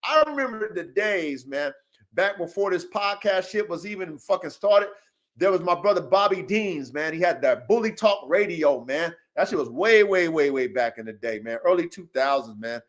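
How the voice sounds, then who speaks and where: A man's voice: a little high, animated, normal speed. A man. He swears freely, preaches, and drives his points home by repeating them. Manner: swears a lot, preachy and emphatic, repeats himself. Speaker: podcast host and dog breeder. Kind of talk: casual monologue.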